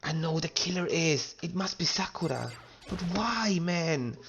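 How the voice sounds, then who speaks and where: A man's voice: fairly high pitch, lively intonation, unhurried, fairly bright tone. Man, let's play commentary, jokey, reads game text aloud, faint music behind. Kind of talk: casual gameplay commentary.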